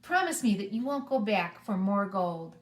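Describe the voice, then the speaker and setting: A woman's voice: mid-range voice, very animated, moderate pace, lightly acted. A woman voicing a stern, worried mother in a storybook reading, firm and earnest.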